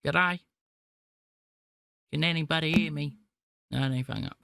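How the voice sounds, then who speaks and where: A man's voice: fairly high pitch, a little slow, vocal fry, sharp tone. A man hosting a live stream where he calls phone scammers, teasing them with sarcastic, mock-gullible banter. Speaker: livestream host calling phone scammers.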